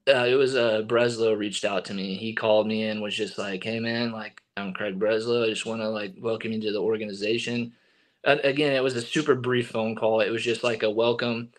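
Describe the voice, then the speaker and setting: A young man, a baseball pitcher being interviewed, telling a story in a relaxed way full of fillers and restarts. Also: a little fast. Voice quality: relaxed, filler-heavy with many likes and restarts. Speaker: guest, baseball relief pitcher.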